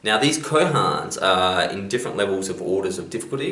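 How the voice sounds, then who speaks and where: A man's voice: fairly low pitch, lively intonation, a little fast, few pauses, a bit bright, roomy sound. A man giving a chatty motivational talk, telling stories as a self-help vlogger. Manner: chatty storyteller.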